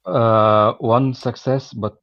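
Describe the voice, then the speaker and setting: A man's voice: mid-range voice, fairly even intonation, takes it slowly, fairly bright tone, dull audio. A man playing a tabletop game, talking hesitantly with many mms and uhs. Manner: hesitant, lots of mm and uh. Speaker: player. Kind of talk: casual tabletop game play.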